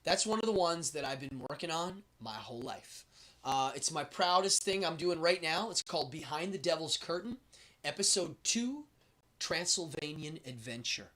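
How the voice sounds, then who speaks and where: A man's voice: a little high, expressive, moderate pace, sharp tone. A middle-aged man hosting a live stream, chatting casually and enthusiastically, rambling as he reacts to viewers' comments. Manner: enthusiastic, rambling, reads chat aloud. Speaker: host.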